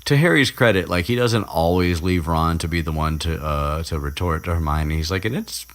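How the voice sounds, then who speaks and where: A podcast host with a very deep, gravelly voice retells a book chapter in loose, casual chat. He rambles, restarts often and leans on fillers, slipping into quick character voices as he goes.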